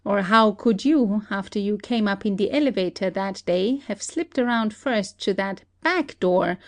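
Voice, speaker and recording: A woman as a calm, shrewd country detective. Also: medium pitch. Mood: calm accusation. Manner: steady, deliberate accusing. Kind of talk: amateur audiobook play reading.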